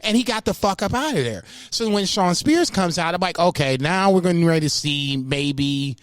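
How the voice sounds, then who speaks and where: A man's voice: fairly high pitch, animated, moderate pace, smooth. A man co-hosting a podcast, chiming in with short, laid-back reactions during a casual wrestling chat. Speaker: podcast co-host.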